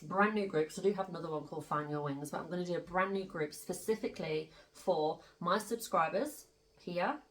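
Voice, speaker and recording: Brief: woman, tarot reader, casual and emphatic, slightly low voice, set back from the mic. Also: a little fast. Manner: chatty, emphatic, rambling with asides. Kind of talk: casual spiritual tarot reading. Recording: roomy sound, distant from the mic.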